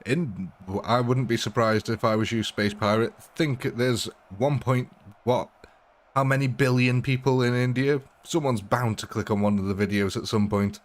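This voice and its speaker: Chatty gaming streamer. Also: male voice, mid-range voice, steady tone, moderate pace. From English Midlands. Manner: chatty, laughs often. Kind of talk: live gameplay commentary.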